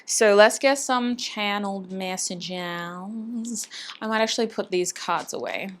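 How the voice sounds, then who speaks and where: A woman at a middle pitch gives a casual tarot reading straight to camera. She talks in a chatty, intimate way, thinking out loud and speaking fondly to her viewers. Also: takes it slowly, slight background noise. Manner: muses aloud, voices channeled messages. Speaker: tarot reader.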